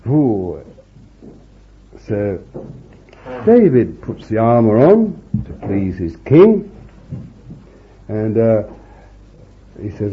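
Guy preaching, just chatting his way through a bible story, super lively up and down voice, muffled old recording. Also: on the low side, very slow, long pauses, slight background noise. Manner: chatty, homely storytelling with asides. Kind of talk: informal Bible storytelling sermon. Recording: dull lo-fi recording.

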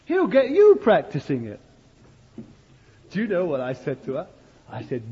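Male preacher, husky and lively, slow dramatic sermon delivery, dull old recording in a big echoing hall. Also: on the high side. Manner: dramatic storyteller, swings from loud to hushed.

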